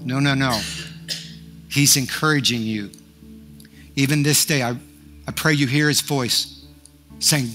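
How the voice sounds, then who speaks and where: A man's voice: mid-range voice, steady tone, measured pace, long pauses, pushed and bright, faint music behind. A male pastor preaching a sermon, fervent and declaring, rising to emphatic peaks.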